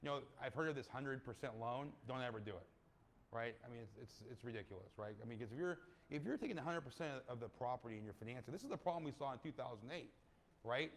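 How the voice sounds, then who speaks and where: A man talking casually in an interview as a real estate investor, animated and storytelling, acting out quoted people and ending many sentences with "right?". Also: medium pitch, quick pace, a little hiss or hum. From California.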